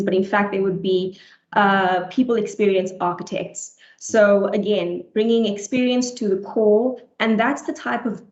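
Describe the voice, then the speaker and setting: A woman's voice: mid-range voice, a little mellow. A woman speaking as a people leader on an online panel, reflective and passionate. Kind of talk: panel discussion. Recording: echoey, dull lo-fi call audio.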